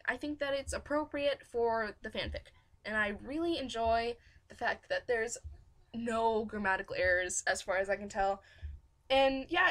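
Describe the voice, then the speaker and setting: A woman's voice: fairly high pitch, fairly bright tone. A woman hosting a fanfiction reading stream, giving rambling, self-deprecating casual commentary. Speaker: fanfiction audiobook reader and host.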